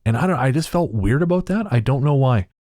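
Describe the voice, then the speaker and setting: A man co-hosting a podcast in relaxed casual chat, rambling a little and laughing readily. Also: mid-range voice, fairly quick, dry recording, studio quality. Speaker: podcast co-host.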